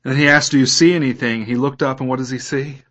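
A man's voice: mid-range voice, steady tone, fast talker, fairly bright tone, dull audio. A man preaching a sermon as a pastor, reading scripture aloud and putting questions to his listeners.

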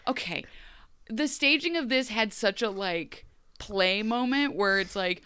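A Midwestern American woman with a slightly raspy voice, co-hosting a casual podcast chat and recapping a TV episode with animated, sarcastic asides. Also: on the high side, unhurried, no room sound. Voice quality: raspy right now. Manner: animated, sarcastic, acts out quotes. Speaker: podcast co-host.

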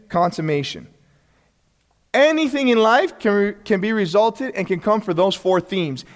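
A man teaching a Bible lesson in a conversational way. He keeps checking in with the class, often restarts his sentences, and acts out bits of dialogue. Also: high-pitched. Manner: frequent restarts and check-ins. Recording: long hall reverb.

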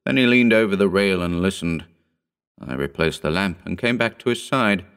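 A man reads a horror short story aloud, measured and solemn. His voice sits on the low side, and he lets each sentence unfold steadily. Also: animated, fairly bright tone, clean tone. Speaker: reader.

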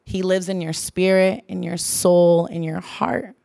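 A woman's voice: on the low side, flat delivery, a little slow, creaky, mellow, dry recording, clean studio sound. Earnest young woman preaching. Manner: earnest, repeats phrases for emphasis. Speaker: church speaker. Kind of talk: sermon.

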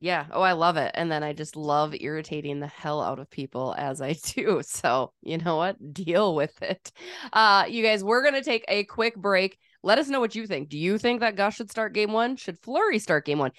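A woman co-hosting a podcast with chatty, teasing, animated sports talk. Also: on the low side, moderate pace, no room sound, clean studio sound. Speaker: podcast co-host. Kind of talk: casual sports chat.

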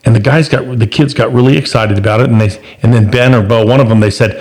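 A middle-aged man tells a family story on a podcast, and his pitch rises and falls a lot. He speaks in a casual, animated way and puts on the voices of the people in his story. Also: fast talker, vocal fry. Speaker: podcast host and father.

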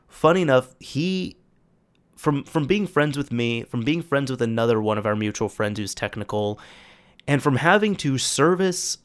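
A young man casually telling a story about fixing a friend's computer, acting out the quoted dialogue with lively energy. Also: mid-range voice. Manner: animated, acts out quoted dialogue. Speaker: storyteller recounting a tech fix.

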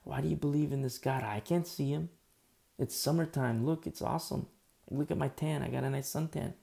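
A jeering worldly man who mocks and sneers at a believer, put on by a preacher in the middle of a sermon. His voice is heavily gravelly with a dark, mellow tone. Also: a little high, brisk. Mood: mocking. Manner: taunting, mocking, then pleading.

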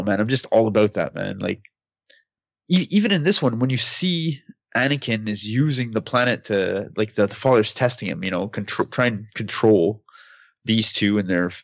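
A man with a low, husky voice talks casually in a rambling, enthusiastic way. He often drops in "man" and "like" as he goes. The sound is close and dry, with no room around it. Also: no room sound. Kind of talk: casual discussion.

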